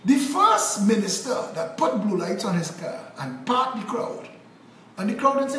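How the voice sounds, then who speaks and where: A man's voice: sits high, very animated, normal speed, sharp tone, roomy sound, slight background noise, low-quality recording. A man with a Trinidadian accent, from Trinidad and Tobago, delivering an angry, emphatic political monologue with repeated rhetorical phrases. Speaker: political commentator.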